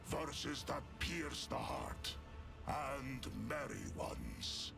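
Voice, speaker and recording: A huge, scarred warrior in a video game, rumbling and gravelly, slow and grave. His pitch swings widely as he speaks. Clear music plays under the game audio. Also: huge pitch swings, exaggerated voice. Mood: proud. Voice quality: deep rumbling voice. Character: huge scarred warrior prisoner, grim, proud singer.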